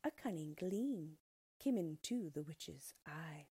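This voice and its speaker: A woman's voice: sits low, animated, slow, mellow, husky. A woman reading a storybook aloud, narrating expressively and unhurriedly.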